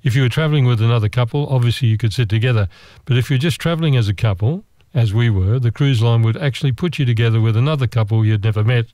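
An Australian man telling a travel story in a relaxed, meandering, chatty way, with asides and restarts. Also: medium pitch, quick pace, no echo. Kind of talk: relaxed travel anecdote monologue.

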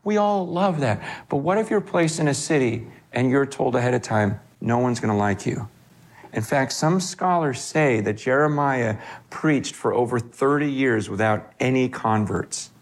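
A middle-aged man, a pastor, preaching a sermon in a lively way, often stumbling and repeating words as he starts a thought. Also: normal speed. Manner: animated, wide pitch swings, repeats words when starting.

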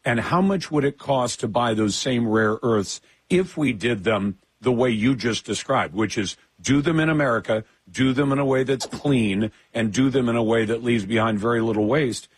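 Raspy man, curious interviewer, casual questions, dry close sound. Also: mid-range voice, normal speed, few pauses, no echo. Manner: conversational, inquisitive. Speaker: interview host.

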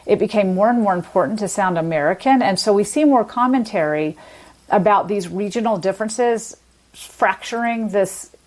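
Woman linguist guest, measured academic explainer, even mid pitch. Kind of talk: explanatory interview talk.

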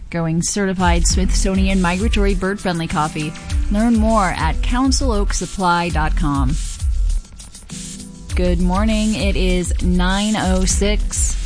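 A woman announcing for a local public radio station, reading sponsor and schedule notes in an even, businesslike way. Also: mid-range voice.

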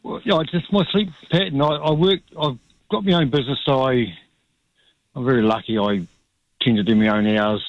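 A man with a New Zealand accent calling in to talkback radio, speaking haltingly with many ums. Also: mid-range voice, dry recording. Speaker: caller. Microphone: phone line. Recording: dull phone line.

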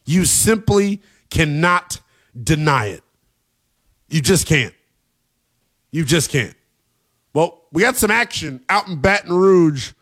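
A man hosting a late-night college football radio show, talking in an animated, emphatic way with plenty of slang. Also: a little high, slow pace, long pauses. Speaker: sports radio host.

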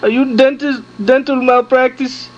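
A prank caller playing a distressed male cab driver with ruined teeth, in halting broken English and panicky wails. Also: high-pitched, little pitch movement, highs cut off, close to an everyday voice. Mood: pleading. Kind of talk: prank phone call.

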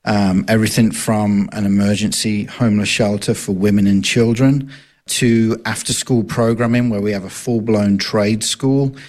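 A man's voice: lowish voice, steady tone, moderate pace, a little mellow. A man with a foreign accent, a ministry leader giving an easygoing radio interview with many fillers. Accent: non-American, from further south than Texas. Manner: easygoing, joking, with hesitant fillers.

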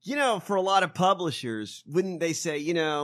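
A man co-hosting a podcast, animated and profane, reacting loudly and laughing often. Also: fairly high pitch, normal speed, few pauses. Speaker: podcast co-host. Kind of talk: casual chat.

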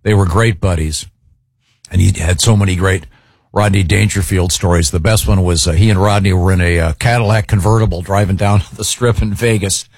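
A man hosting a relaxed talk show, drifting through stories with plenty of pauses and fillers. His voice sits low and a bit husky. The sound is close and dry. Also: dry recording. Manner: rambling, halting storyteller with many fillers. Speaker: show host. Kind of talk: casual chat with guests.

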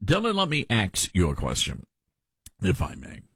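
A man's voice: low voice, wildly swooping pitch, normal speed, fairly bright tone, slightly rough, no room sound, studio quality. A man from Tennessee with a mild Southern accent, hosting a talk radio show in a folksy, opinionated way.

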